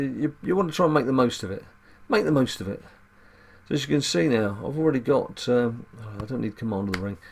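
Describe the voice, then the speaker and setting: A man with a husky, gravelly voice talks through a mobile card game. He keeps it casual and wry, musing aloud and throwing in dry asides to his viewers. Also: medium pitch. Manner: chatty and wry, muttering asides to himself. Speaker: gaming channel host. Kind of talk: casual gameplay commentary.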